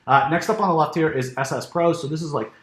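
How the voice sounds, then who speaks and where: A software reviewer talks through a screen-share demo in a loose, casual way, fast and a little high, stumbling over restarts and fillers. His voice sounds slightly worn, as if he's losing it, and the room echoes noticeably.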